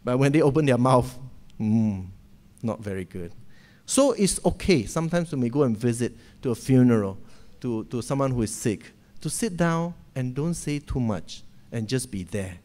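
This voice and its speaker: A man preaching a sermon from a church pulpit, retelling a story in a lively way and often checking in with "okay?". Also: medium pitch, normal speed.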